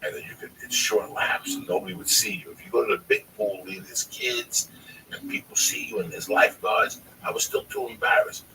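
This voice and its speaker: A man telling a long, profane, animated story on a podcast, often calling his listener by name. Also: on the low side, brisk, gravelly, far from the mic, slight background noise, poor audio. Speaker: storyteller guest.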